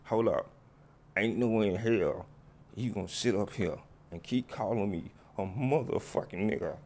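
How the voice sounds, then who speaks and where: A man's voice: lowish voice, moderate pace, a little mellow, lightly acted. A man voicing a hot-tempered tough guy who curses and threatens. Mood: angry. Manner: gruff, cursing, threatening. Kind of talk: comedy skit voices.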